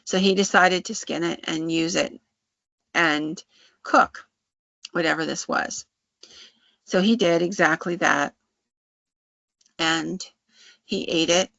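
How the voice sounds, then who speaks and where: A podcast host casually retelling a folk tale, with frequent restarts and halting phrasing. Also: mid-range voice, gravelly, pushed and bright, no room sound, highs cut off.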